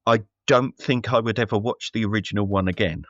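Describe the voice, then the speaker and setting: A man's voice: on the low side, steady tone, brisk, a bit bright, no room sound, highs cut off. A man co-hosting a casual film review chat, rambling with many fillers and restarts. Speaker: podcast co-host.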